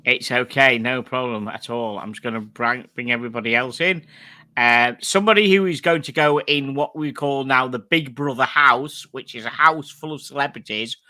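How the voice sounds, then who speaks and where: A man's voice: mid-range voice, normal speed, sharp tone, dry recording. A man hosting a casual live stream, chatty and jokey, rambling between guests. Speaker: host.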